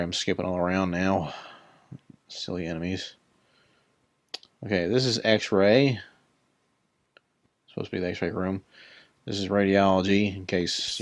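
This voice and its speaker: A man's voice: low voice, dry recording. A man casually touring his Minecraft build, rambling and self-deprecating, chatting to creatures in the game, his voice a little worn. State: voice a bit worn. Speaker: Minecraft builder giving a tour. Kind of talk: casual let's-play commentary.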